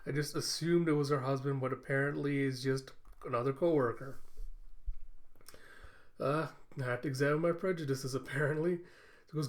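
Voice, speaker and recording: A man's voice: mid-range voice, fairly even intonation, normal speed, long pauses. A man hosting an anime reaction, recapping the episode in a chatty, amused way. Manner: chatty, amused, laughs often.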